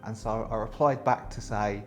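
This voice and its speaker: A man's voice: fairly low pitch, steady tone, moderate pace, soft background music. A man hosting a solo tabletop game, reading rules aloud and thinking through his choices in a chatty way, with many fillers and restarts.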